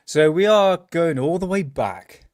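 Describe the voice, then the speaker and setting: A man's voice: fairly high pitch, lively intonation, a little slow, a little mellow, no echo. A man co-hosting a live-stream chat, reading out a case with stumbles and chatty asides. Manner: reads stumblingly with asides and laughs. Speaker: podcast co-host.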